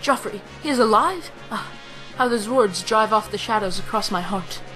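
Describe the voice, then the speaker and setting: A woman playing a gentle, earnest princess. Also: mid-range voice, normal speed, faint music behind, lightly acted, low-quality recording.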